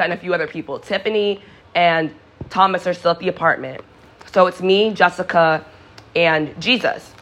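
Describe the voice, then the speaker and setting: Young woman spilling a wild story, cussing a lot, lowish voice. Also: a bit bright. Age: young adult. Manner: blunt, profane, dramatic retelling. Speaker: vlogger. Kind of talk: casual storytime.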